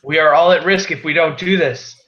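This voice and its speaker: A man's voice: fairly high pitch, a little fast, a bit bright, pitched above the performer's own voice, natural voice. A man voicing a frightened, insistent cult laborer in a tabletop game. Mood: pleading. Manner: pleading, insistent. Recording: dull echoey room.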